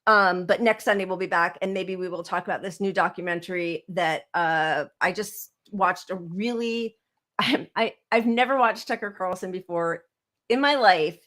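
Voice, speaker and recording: A woman's voice: lowish voice, moderate pace, a bit bright. Chatty woman podcast co-host in her forties. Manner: chatty and giggly, with many fillers. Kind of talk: casual podcast chat.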